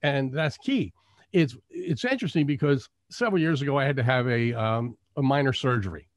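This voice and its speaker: A man's voice: medium pitch, a little fast, no echo. A man hosting a conversational interview, affirming his guest and telling a short story of his own. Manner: affirming, storytelling, asks open questions. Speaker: interview host.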